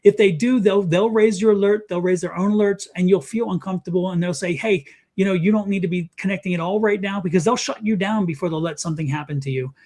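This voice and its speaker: A middle-aged man with a high voice, speaking as a psychic guest on a talk show. He talks in an animated, emphatic way and repeats his commands to drive them home. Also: quick pace, few pauses. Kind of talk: live psychic reading and advice.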